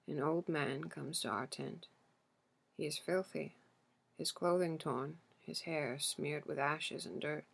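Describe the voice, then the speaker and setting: A woman narrating a literary novel in the first person, in a slow, measured storytelling manner. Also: low voice, gravelly, fairly bright tone. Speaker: audiobook narrator.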